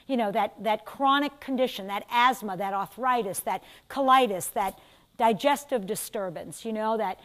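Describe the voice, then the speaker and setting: High-voiced New York woman lecturing. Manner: animated, asks the class questions, quick asides. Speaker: instructor. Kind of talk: classroom lecture.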